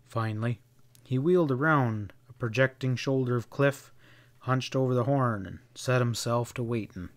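A man narrates a western novel as an audiobook in a steady, measured way. His voice sits at a middle pitch for a man.

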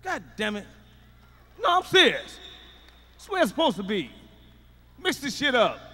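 High sharp-voiced guy doing loud dirty stand-up, big echoey theater. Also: wildly swooping pitch, fairly quick. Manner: loud, profane, swings from shouting to muttered asides. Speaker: stand-up comedian. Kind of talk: stand-up comedy routine. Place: large theater stage with live audience. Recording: live concert hall reverb.

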